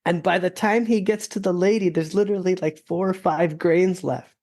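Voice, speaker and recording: A man's voice: high voice, steady tone, normal speed, darkish tone. A man hosting a podcast, telling a story in a casual, earnest and reflective way. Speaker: podcast host.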